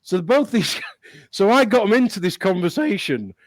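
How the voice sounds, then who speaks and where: A man's voice: sits high, very animated, normal speed, no room sound, low-quality recording. A man co-hosting a casual chat, telling rambling anecdotes and chuckling often. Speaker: co-host.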